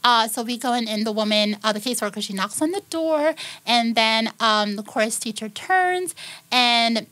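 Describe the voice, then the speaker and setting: Brief: woman guest, lively storyteller, a bit high-pitched, earnest about her faith, podcast interview. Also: moderate pace, poor audio. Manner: animated, acts out the people in her story. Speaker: guest singer. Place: recording studio.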